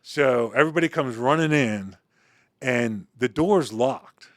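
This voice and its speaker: A man's voice: mid-range voice, measured pace, no room sound, studio quality. A middle-aged man telling a story in an interview, acting out the dialogue and cussing casually. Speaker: interview guest.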